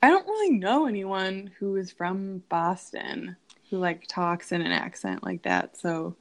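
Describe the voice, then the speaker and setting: A woman's voice: on the low side, unhurried. A young woman from southern Minnesota, co-hosting a casual chat and reading survey results aloud. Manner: reads survey results aloud, chatty and relaxed. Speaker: podcast co-host.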